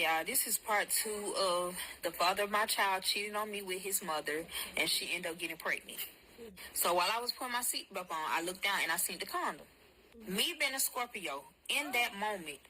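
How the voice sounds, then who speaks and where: Bright-voiced, foul-mouthed woman storyteller. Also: mid-range voice, poor audio. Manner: profane, blunt, animated. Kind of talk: casual storytelling to viewers.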